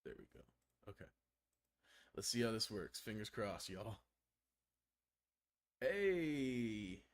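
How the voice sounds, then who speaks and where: A man with a gravelly voice and a strained throat, casually talking through a game stream. He chats freely, swears often and laughs a lot. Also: fairly low pitch, sing-song, slow pace. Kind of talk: casual gameplay commentary.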